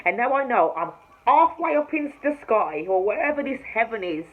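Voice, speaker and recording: A woman with a Jamaican-tinged accent, a tarot reader, telling her spiritual testimony to camera in an emphatic storytelling manner, swinging between hushed and loud. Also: on the high side, expressive, moderate pace. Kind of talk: personal testimony told to camera. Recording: slightly dull recording with faint room ambience.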